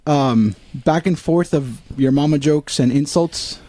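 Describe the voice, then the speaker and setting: A man's voice: on the high side, a little slow, dark tone, slight background noise. A man in a casual podcast chat, telling a nostalgic story loosely with many fillers.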